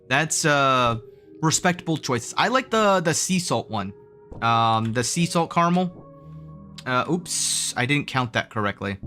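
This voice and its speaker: A man's voice: on the high side, sharp tone. A man streaming live, chatting casually with his viewers in a rambling way, full of restarts and fillers. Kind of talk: casual livestream chat with viewers.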